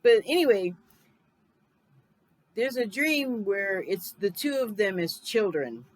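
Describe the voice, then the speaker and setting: A woman's voice: medium pitch, animated, slow, rough recording. A woman in her fifties talks through a film's plot in a loose, chatty way. She backtracks and corrects herself as she goes, with frequent small laughs. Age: 50s. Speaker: film reviewer. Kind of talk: casual spoken film recap.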